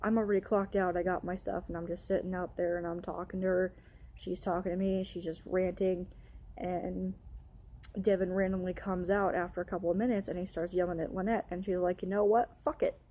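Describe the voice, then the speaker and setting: A woman's voice: on the low side, level tone, brisk, warm tone, a little hiss or hum. A young woman rants in an upset, run-on way, swearing often as she tells a storytime vlog about her night. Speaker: vlogger.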